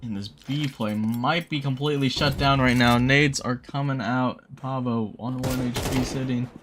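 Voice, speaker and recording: Solo esports caster over game gunfire. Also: male voice, mid-range voice, moderate pace, background noise. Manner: excitable, rises sharply on big plays. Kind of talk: play-by-play esports commentary. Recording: game gunfire and clicks behind the voice.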